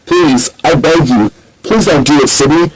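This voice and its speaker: A man voicing a hot-headed young male hero who pleads and yelps in a strained, high voice. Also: a little slow, lightly acted, rough recording. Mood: pleading. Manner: high-pitched, strained, yelling.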